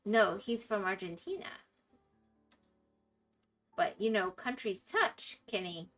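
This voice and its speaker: A woman's voice: medium pitch, big pitch swings, slow pace, fairly bright tone, soft background music. Chatty woman streamer with a Florida accent. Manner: chatty, laughs often, apologetic about pronunciation. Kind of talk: casual chat with stream chat.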